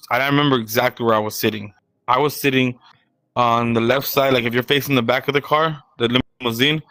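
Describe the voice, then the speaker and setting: A man's voice: medium pitch, sharp tone, clean tone, no room sound, rough recording. A man co-hosting a podcast, telling a long, detailed, rambling story in casual chat. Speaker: podcast co-host.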